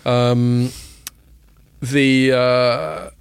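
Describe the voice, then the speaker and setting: A man hosting a casual tech podcast, joking with quick asides and plenty of fillers. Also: medium pitch, completely flat delivery, smooth, dry recording. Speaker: podcast host.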